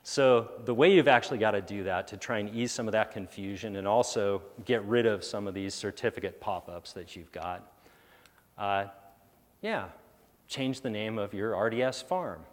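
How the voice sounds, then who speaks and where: A lower-voiced man presents a technical session in a large conference hall, his voice carrying a long echo off the room. He breaks into sarcastic, animated asides, then thinks aloud with fillers and restarts. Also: normal speed.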